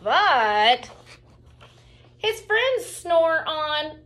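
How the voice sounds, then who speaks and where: A woman's voice: high voice, slow pace, slight background noise. A woman reading a children's picture book aloud, narrating expressively and speaking to the young listeners. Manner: expressive, animated. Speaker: children's storyteller.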